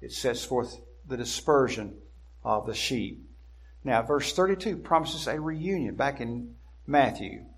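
A man preaching an expository sermon, deliberate and emphatic, slowing down to stress key words. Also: mid-range voice, animated.

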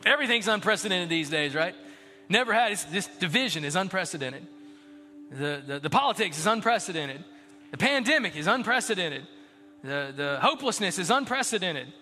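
A man preaching a sermon as a pastor, exhorting energetically and dropping into hushed storytelling. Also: sits high, big pitch swings, brisk, big-room sound, faint music behind.

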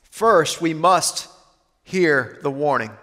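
A man preaching a sermon as pastor, earnest, slowing and softening on weighty lines. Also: a little high, animated, long reverb tail.

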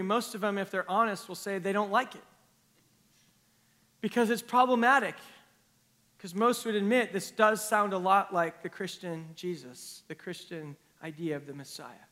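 A pastor delivering a sermon, his voice high and bright as he reads scripture passages aloud. He preaches earnestly, building up in force and then dropping low and quiet. His tone stays clear and ringing throughout. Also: big-room sound.

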